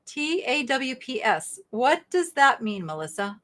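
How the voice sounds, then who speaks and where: A woman's voice: high-pitched, sing-song, unhurried, a bit bright. Chatty woman hosting a live sale. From American South. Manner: chatty, rambling, thinks aloud. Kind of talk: casual live selling chat.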